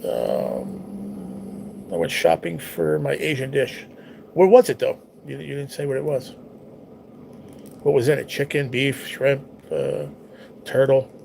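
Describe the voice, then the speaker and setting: A man's voice: medium pitch, sing-song, measured pace, gravelly, long pauses, a little mellow, a little hiss or hum. A man hosting a casual livestream, chatting in a rambling way and reacting to viewers' messages. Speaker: livestream host reading chat. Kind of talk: casual chat.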